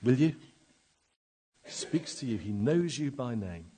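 A man delivers a sermon in a slightly husky, breathy voice. He reads scripture and then expounds on it, drawing out key words with slow pauses and swelling to loud emphasis before falling quiet again. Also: medium pitch, big pitch swings. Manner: dramatic, wide swings in loudness, slow emphatic pauses. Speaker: preacher.

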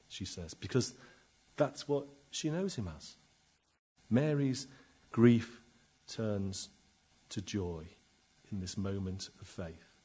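A man preaching a sermon and reading scripture, dramatic, with slow emphatic pauses and sudden swells in loudness. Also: lowish voice, breathy edge.

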